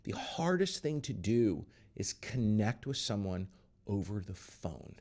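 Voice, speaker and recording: A middle-aged man hosting a casual interview, talking in a lively way and acting out the voices of people he quotes. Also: on the low side, takes it slowly. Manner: animated, acts out quoted voices. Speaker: podcast host.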